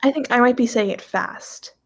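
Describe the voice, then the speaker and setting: Woman consultant, gravelly fry, casual and unsure, hedges often. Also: on the high side, normal speed. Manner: tentative, hedges her answers. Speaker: language consultant. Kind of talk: casual elicitation answers.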